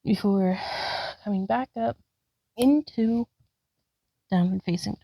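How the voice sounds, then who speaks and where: Breathy upbeat woman guiding yoga. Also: mid-range voice, slow, dark tone, dry recording, low-quality recording. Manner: breathy, sighing between cues; upbeat, self-encouraging. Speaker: yoga vlogger. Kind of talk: guided yoga practice narration.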